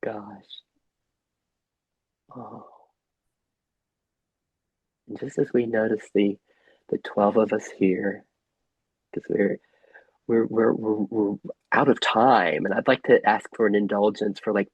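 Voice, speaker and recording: A man facilitating a reflective group session over a video call, gently asking inviting questions. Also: fairly low pitch, breathy edge, no echo, poor audio.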